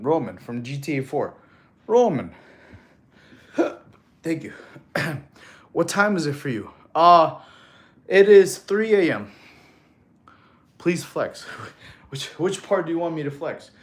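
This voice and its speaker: A man's voice: fairly high pitch, echoey room. Chatty man live-streaming fitness tips. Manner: laid-back, chatty, thanks viewers, counts reps aloud. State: a little out of breath. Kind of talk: casual live stream chat.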